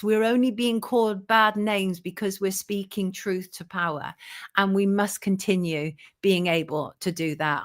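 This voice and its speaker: A woman hosting a livestream, reading viewer comments aloud and answering them bluntly. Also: mid-range voice. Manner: blunt and self-declared belligerent, thanking viewers warmly. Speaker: journalist and show host.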